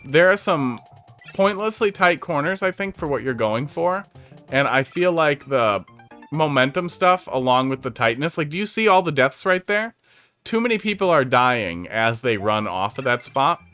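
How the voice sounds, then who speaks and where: A man with a fairly high, expressive, sharp-toned voice at normal speed comments on levels made by his viewers during a stream. Faint game music runs underneath his sarcastic, chatty jokes.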